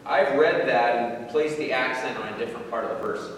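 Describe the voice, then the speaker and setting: A man's voice: medium pitch, fairly quick, a bit bright. Preacher, male, informal reflective sermon, voice distant in a very reverberant hall, faint background hiss. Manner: thinking aloud, repeats words, rhetorical questions. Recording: very echoey hall, voice from afar, faint noise.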